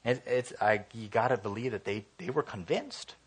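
A man with a mid-range, slightly rough voice preaches at normal speed in a casual, conversational way. He often acts out what people say and fills his talk with "you know."

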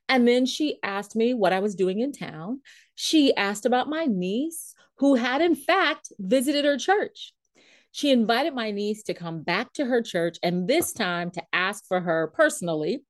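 A woman leadership coach and trainer telling a story in a coaching talk. She is animated, acts out what people said and laughs often. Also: on the high side, unhurried, dry recording, clean studio sound.

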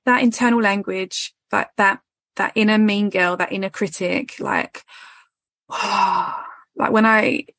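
A woman's voice: mid-range voice, steady tone, slow, a bit bright, no echo. A woman, hosting a casual podcast chat, candid and swearing freely as she acts out what others say. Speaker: podcast host.

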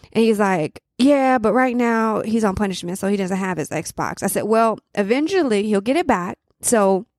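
A woman's voice: mid-range voice, no echo, studio quality. A woman podcast host talking casually and reflectively, with many fillers and restarts. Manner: conversational, many fillers and restarts, southern 'y'all'.

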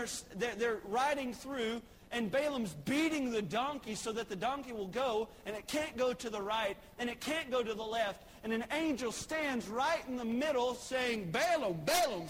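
A man's voice: very high-pitched, a bit bright, a little hiss or hum. A man, a pastor preaching a sermon in a church sanctuary, emphatic and repeating key phrases.

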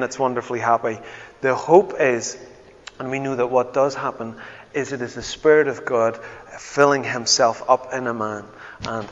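A man preaching a sermon as pastor, swinging from loud exclamations to hushed, tender words. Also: medium pitch. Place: church hall. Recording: dull sound with long church reverb.

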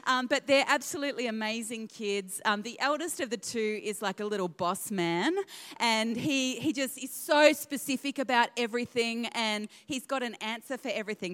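A woman in her thirties with an Australian accent gives a sermon as a guest pastor in a church. Her voice sits a little high, and she talks in a chatty, self-deprecating way full of laughing asides. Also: normal speed, fairly bright tone, long reverb tail. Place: church auditorium.

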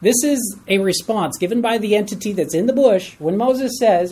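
A teacher leading a Bible study class, asking group members to read verses and explaining them in an animated way. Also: medium pitch, a little fast, hardly any pauses, slightly rough, poor audio. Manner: animated, asks the class for readers, chuckles at stories. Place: room with a class.

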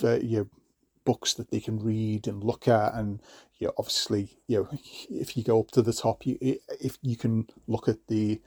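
A man's voice: medium pitch, gravelly, darkish tone, no room sound, clean studio sound. A middle-aged man, hosting a podcast in a rambling, casual way, with lots of fillers and restarts. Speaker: podcast host.

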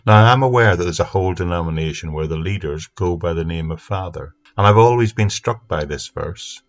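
A man giving an earnest, steady Bible teaching talk into a microphone for an online audience. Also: low voice, a little fast. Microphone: speaking into a mic. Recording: dull lo-fi sound.

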